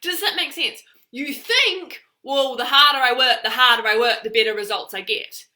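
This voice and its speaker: A woman's voice: sits high, moderate pace, pushed and bright. A woman life coach talking casually to her viewers, chatty and full of filler "likes". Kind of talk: casual talk to camera.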